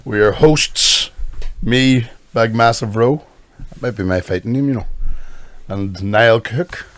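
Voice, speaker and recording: This man speaks slowly in a medium-pitched, slightly bright voice. A comedian hosting a podcast, he trades casual banter, spinning crude stories packed with swearing and frequent laughter.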